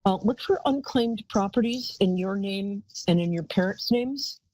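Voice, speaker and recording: A woman's voice: medium pitch, moderate pace, darkish tone, no echo, low-quality recording. A woman hosting a live call-in psychic show, talking in a chatty, rambling way and calling callers darling.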